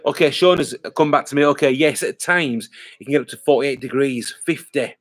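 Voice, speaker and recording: A man hosts a casual live stream, answering viewer comments as they come in. He rambles, circles back and restarts his sentences, with lots of "uh" and "um" along the way. His voice sits at an ordinary middle pitch. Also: fairly quick. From England. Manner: rambling, chatty, many fillers and restarts. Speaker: vlogger hosting a live stream.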